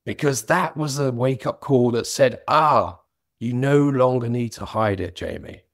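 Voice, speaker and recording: A man's voice: medium pitch, measured pace, no room sound. Earnest middle-aged London man, dry close sound. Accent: London, slightly Cockney. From England. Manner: earnest, reflective, occasional self-amused laughter. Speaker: author and business guest. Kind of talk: candid interview answers.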